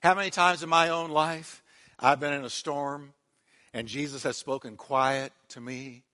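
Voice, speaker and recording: A man preaching a sermon as pastor, dramatic, dropping to a hush on quiet words and leading the congregation in call-and-response. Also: fairly high pitch, steady tone, measured pace, in a large hall.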